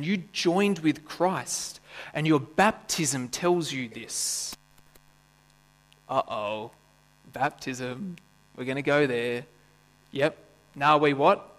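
This pastor's voice is fairly high and fairly bright as he preaches to his church. His manner is conversational and playful, with plenty of jokes and questions for the congregation. A mains hum and long reverb come from the church hall.

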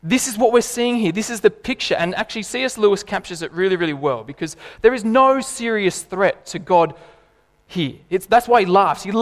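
Animated preacher in a reverberant hall. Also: male voice, high-pitched. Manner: animated, emphatic, laughs and acts out voices. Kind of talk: sermon.

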